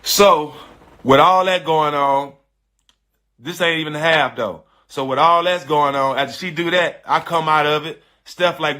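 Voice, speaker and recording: Animated, slangy man telling a story. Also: fairly high pitch, measured pace. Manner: animated, emphatic, slangy, repeats phrases. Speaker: storyteller on a live stream. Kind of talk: casual storytelling.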